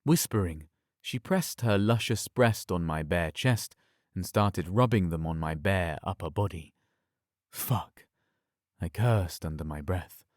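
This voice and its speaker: A man narrating an audiobook in a scripted, measured storytelling delivery. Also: sits low, no echo, clean studio sound.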